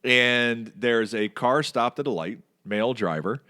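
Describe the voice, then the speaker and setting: A middle-aged man hosting a casual podcast chat, telling stories with lively mimicry of people yelling. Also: unhurried. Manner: animated storyteller, mimics yelling in a much higher voice.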